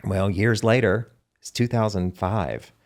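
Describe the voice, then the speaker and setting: A man's voice: lowish voice, a little slow. A man with a Southern US accent, a singer-songwriter guest telling long stories in a casual interview, rambling with lots of fillers. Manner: rambling animated storyteller with many fillers.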